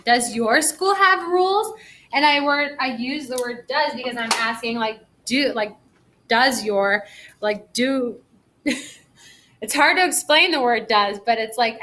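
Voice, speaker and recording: A young woman teacher records a reading lesson for first graders. Her voice is bright and sits a little high. She is slow and encouraging and stretches words out for small children. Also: rough recording.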